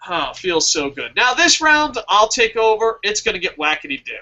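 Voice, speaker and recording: A man's voice: high voice, very animated, normal speed, sharp tone, lo-fi sound. A man hosting a fantasy wrestling draft show, talking in a casual, profane way and laughing at his own jokes.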